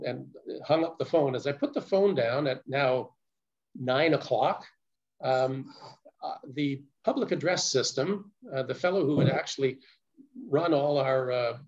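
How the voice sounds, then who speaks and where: An older man from Canada giving a measured, detailed first-person account to an audience. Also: medium pitch. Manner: measured, detailed storytelling with frequent restarts. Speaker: speaker telling a survivor's account. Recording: dull lo-fi recording.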